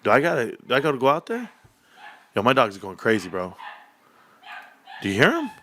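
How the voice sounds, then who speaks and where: A man's voice: mid-range voice, wildly swooping pitch, a little fast, pushed and bright, a little hiss or hum. A middle-aged man hosting a casual livestream, rambling through slangy stories and laughing often. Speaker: livestream host.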